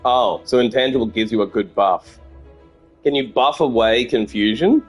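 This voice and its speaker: A man's voice: mid-range voice, lively intonation, normal speed, faint music behind. An Australian man in his thirties streaming a card game, thinking aloud, swearing freely and chatting with viewers. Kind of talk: casual gameplay commentary.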